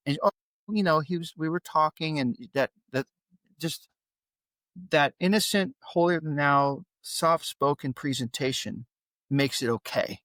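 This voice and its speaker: A middle-aged father, a podcast guest, telling candid stories in a blunt, animated way that rises when he gets worked up. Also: medium pitch, moderate pace, no echo.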